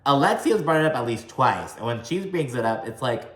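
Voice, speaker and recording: A man recapping a reality show in a casual, profane vlog, talking fast and slurring words together, with a slight country twang. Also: medium pitch, expressive, reverberant. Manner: chatty, swears often, says "like" a lot.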